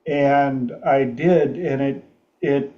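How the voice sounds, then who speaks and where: A man's voice: medium pitch, steady tone, very slow, lo-fi sound. A man hosting a podcast, telling a story in a frank, rambling way with frequent restarts. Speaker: podcast host. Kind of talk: storytelling chat.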